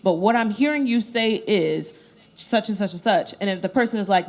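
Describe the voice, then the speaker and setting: A woman on a church panel speaks at a middle pitch. She explains in a lively way, voicing short snatches of dialogue as she goes. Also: fairly quick. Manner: lively, acts out bits of dialogue.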